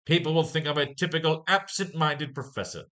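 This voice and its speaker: A man's voice: on the high side, fairly quick, sharp tone, pitched above the performer's own voice. A man reading a flustered old professor. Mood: puzzled. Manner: reading comic dialogue aloud. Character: elderly absent-minded male professor.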